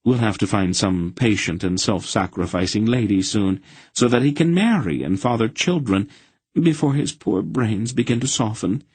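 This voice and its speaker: A man's voice: fairly low pitch, expressive, normal speed, darkish tone, breathy edge, no echo, voice pushed up. A man reading a wry, commanding older woman who schemes sweetly and a little slyly. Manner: sweetly scheming, slightly sly.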